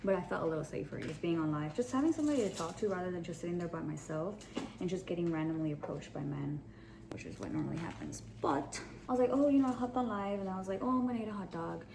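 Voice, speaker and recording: A woman telling a storytime to her audience in a blunt, profane, animated way. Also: on the low side, racing, gravelly. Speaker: storytime vlogger. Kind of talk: casual storytime. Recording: background noise.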